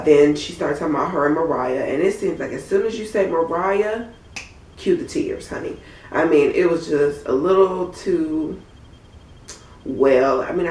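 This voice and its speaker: A woman with a hoarse voice from a cold, giving a blunt, chatty recap of a TV episode. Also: low voice, a little mellow, slight background noise. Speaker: TV episode reviewer. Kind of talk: casual recap commentary. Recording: roomy, from a distant mic.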